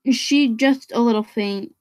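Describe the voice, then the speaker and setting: Casual reader: a woman with a raised pitch who trips over words while reading a novel aloud. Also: measured pace, darkish tone, no echo, rough recording. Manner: stumbling over words, restarting phrases.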